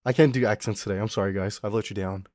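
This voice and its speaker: A man's voice: fairly low pitch, quick pace, dry recording, clean studio sound. Profane man ranting on stream. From Australia. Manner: animated, profane, storytelling. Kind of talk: casual ranting livestream chat.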